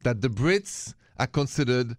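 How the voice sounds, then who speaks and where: A man's voice: mid-range voice, expressive, measured pace, dry recording. A man with a French accent hosts a call-in radio show, playful and light, with French greetings in his talk. His voice sits mid-range. It is recorded close and dry in the studio. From France. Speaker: radio host.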